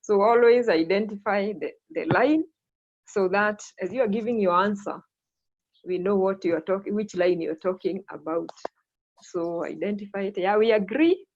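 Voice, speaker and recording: A woman's voice: mid-range voice, moderate pace, darkish tone. Woman teacher on a muffled video call. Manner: prompting students, repeating answers. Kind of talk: online English lesson.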